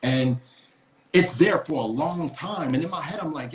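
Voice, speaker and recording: A man's voice: a little high, sing-song, moderate pace, a little hiss or hum. A man co-hosting a podcast, telling a story in a casual, emphatic, profane way with lots of restarts. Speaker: podcast co-host. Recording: roomy echo.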